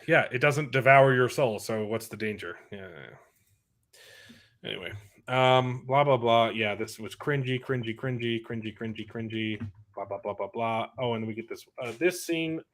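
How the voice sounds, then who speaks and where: A man's voice: medium pitch, moderate pace, fairly bright tone. A man hosting a casual chat show, sarcastic and dismissive as he picks apart a TV series. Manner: sarcastic, dismissive, mocks scenes in put-on voices. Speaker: show host.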